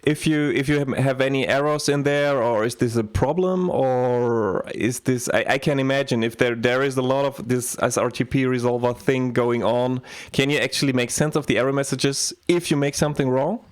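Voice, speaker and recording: A man's voice: mid-range voice, moderate pace, few pauses, clear, resonant tone. A man hosting a live-streamed tech talk over a video call. He moderates in a chatty way and often breaks off his own sentences. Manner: chatty, self-interrupting. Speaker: host.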